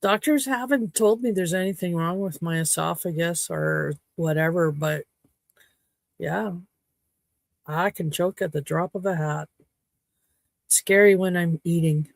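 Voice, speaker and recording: A woman from Saskatchewan hosting a casual livestream chat at home, rambling and frank, her throat a little hoarse. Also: fairly low pitch, measured pace, long pauses, dry recording. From Saskatchewan, Canada. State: slightly hoarse throat after choking. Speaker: livestream host. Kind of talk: casual chat to a live audience.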